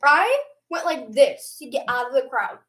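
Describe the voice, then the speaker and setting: A woman's voice: high-pitched, sing-song, moderate pace, a bit bright, slight background noise. A young teenage girl chiming in on a shared school story, defending herself in casual chat. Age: young teen. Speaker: co-host.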